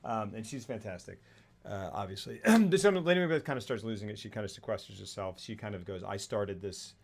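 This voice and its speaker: A man's voice: on the low side, sing-song, quick pace, vocal fry, slightly rough. A man co-hosting a casual film talk show, recapping a plot in a rambling way and acting out the characters' lines. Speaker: podcast co-host. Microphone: streaming mic.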